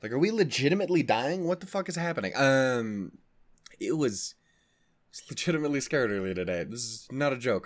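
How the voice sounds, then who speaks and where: A man hosting a reaction video in casual chat, rambling and joking, swearing freely with many fillers and restarts. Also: medium pitch.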